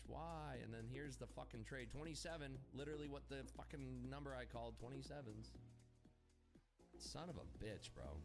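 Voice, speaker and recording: A man's voice: mid-range voice, lively intonation, moderate pace. A man day trading on a live stream, talking casually with heavy swearing and exasperated ranting. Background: music.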